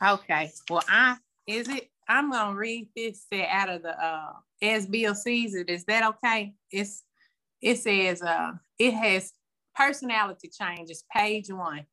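A woman speaks openly about her own recovery, her voice bright and forward. She rambles and pauses often with ums. The sound comes through a phone on a video call. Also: medium pitch. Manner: candid, rambling, many ums. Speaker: meeting member sharing. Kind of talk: personal recovery share.

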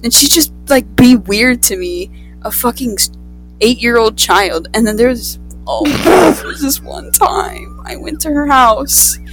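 Teen girl cursing nonstop while she tells a story, quick and rambly, bit of music faint behind. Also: fairly high pitch, animated, rough recording. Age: teens. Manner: profane, rambling, quick asides. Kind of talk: casual storytelling chat.

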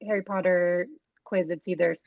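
A young woman co-hosting a casual podcast chat, talking in a chatty way with quick asides and frequent laughs. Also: on the low side, fairly even intonation, gravelly, narrow, tinny audio. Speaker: podcast co-host.

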